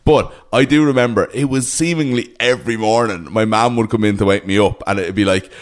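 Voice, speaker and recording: An Irish man in his thirties chats on a podcast in a low-pitched voice. He tells stories with energy, laughs a lot and drifts off point before finding his way back. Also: a little fast. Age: 30s. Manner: lively storyteller, laughs often, rambles off point. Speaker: podcast co-host. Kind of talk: casual podcast chat.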